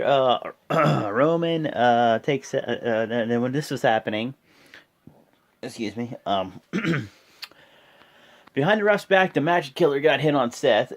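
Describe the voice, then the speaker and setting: A man giving a casual, rambling play-by-play recap. He corrects himself often and acts out the quotes. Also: medium pitch. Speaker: wrestling show reviewer.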